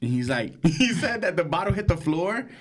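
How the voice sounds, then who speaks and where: A young man, co-hosting a podcast and telling a wild story in slangy casual chat, acting out quotes and laughing. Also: normal speed. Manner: animated, slangy, acts out quotes with big pitch jumps and laughter. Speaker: podcast co-host.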